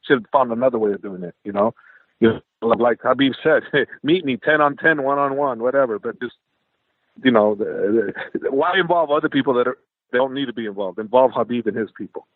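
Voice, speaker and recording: Speaking fairly quickly at a medium pitch, this MMA coach recounts stories in a phone interview, performing the quoted lines with lively enthusiasm. There's no room sound; the recording is dry and tinny, like a phone call.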